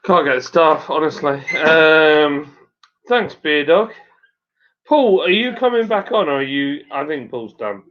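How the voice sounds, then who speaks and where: A man hosts a relaxed live stream, greeting viewers and reading their messages aloud. His voice rises and falls a lot, and he sometimes stumbles over hard place names. The sound is dull and lo-fi. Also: a little high, takes it slowly. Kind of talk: casual live stream chat.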